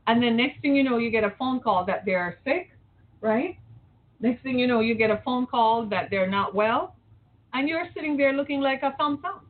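At a moderate pace and a little high in pitch, a middle-aged Metro Detroit, Michigan woman presents a passionate opinion monologue on her talk show, filled with rhetorical questions. The audio has a tinny, telephone quality.

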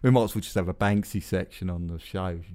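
A man's voice: low-pitched, fast talker, mellow. A man hosting a podcast, chatting casually in a rambling way with self-deprecating asides. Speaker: podcast host. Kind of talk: casual chat.

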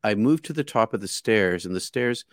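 A man from outside Boston tells a story aloud in an earnest, vivid way, often repeating and restarting his words. His voice sits fairly low. The sound is dry, with no room echo. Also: lively intonation, moderate pace. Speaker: guest. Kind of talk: casual spoken storytelling.

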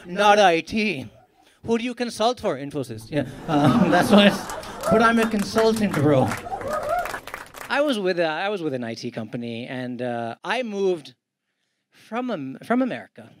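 Animated man doing stand-up. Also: high-pitched, over a noisy crowd, heavy background noise. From India. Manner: animated, acts out callers in quick voices. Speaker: stand-up comedian. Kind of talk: stand-up comedy set. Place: comedy club with live audience. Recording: live club audience laughing.

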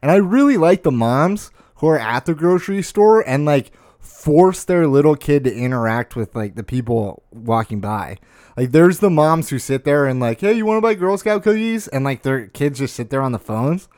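Young male streamer, casual profane rant, mid-pitched, dry close-miked sound. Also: lively intonation, normal speed, a little mellow, no room sound. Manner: profane, exasperated ranting with constant fillers. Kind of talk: casual ranting monologue. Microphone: close desk mic.

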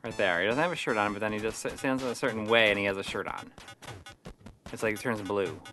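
A man's voice: fairly low pitch, quick pace, faint music behind. A man co-hosting a casual game stream, chatting and reading out donations, laughing often. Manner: animated, laughs often, drifts quiet then loud. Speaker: co-host of a retro gaming stream. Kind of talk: casual chat.

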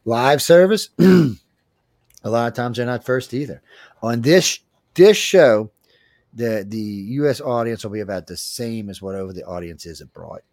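A man's voice: medium pitch, moderate pace, a little mellow, no room sound, clean studio sound. A man with a Southern Cajun accent hosting a radio show, chatting in a rambling, joking, folksy way. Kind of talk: casual talk-radio chat.

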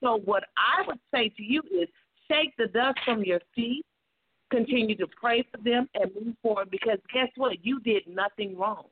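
A woman's voice: on the high side, normal speed, phone-quality sound, background noise. A woman hosting a call-in show, giving earnest, encouraging advice with preacher-like repetition. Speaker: radio talk show host, life coach.

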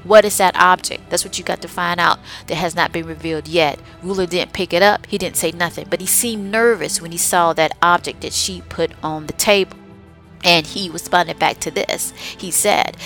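Chatty woman with a lowish voice. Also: fairly quick, fairly bright tone, faint music behind. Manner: chatty, enthusiastic, asides like okay and right. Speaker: podcast host recapping her own short stories. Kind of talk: casual recap.

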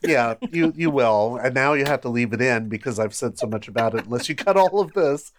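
A man's voice: mid-range voice, expressive, slight background noise. A man hosting a casual podcast discussion, chatty and easily amused. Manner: chatty, amused, quick to laugh. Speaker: podcast host.

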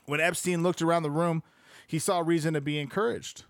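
A man reading a sports book aloud, breaking off into excitable, profane, slangy asides. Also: on the high side, brisk, clear, resonant tone, no echo.

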